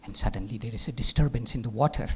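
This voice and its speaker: A man giving a spiritual talk as a teacher, telling a legend as an animated storyteller who drops into hushed whispers. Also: mid-range voice, fast, slight background noise. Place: live talk venue.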